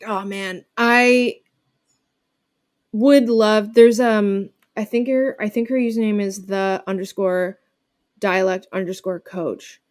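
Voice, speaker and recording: A woman's voice: mid-range voice, fairly even intonation, slow pace. Chatty woman comedian, lots of fillers. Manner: chatty, many "like" fillers and restarts. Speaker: comedian and actor, guest. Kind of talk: casual interview chat.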